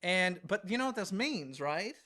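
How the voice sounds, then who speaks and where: Podcast co-host, male, high bright voice, excitable chatter. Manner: chatty and excitable, laughs often, quick asides. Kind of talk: casual chat.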